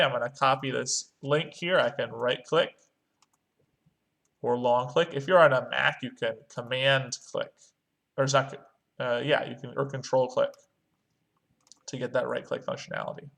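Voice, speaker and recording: 中音男老师，声音略带沙哑. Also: male voice, medium pitch, creaky, a bit bright. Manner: talks through clicks step by step, chants rhythm syllables. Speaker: music teacher. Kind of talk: screen-recorded online lesson.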